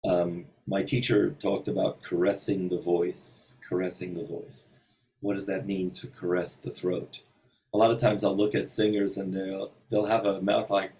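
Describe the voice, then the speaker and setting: A man giving an informal singing lesson in a hotel room, thinking aloud with many pauses and breaking into short sung examples. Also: deep voice, dark tone, far from the mic, low-quality recording. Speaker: voice teacher.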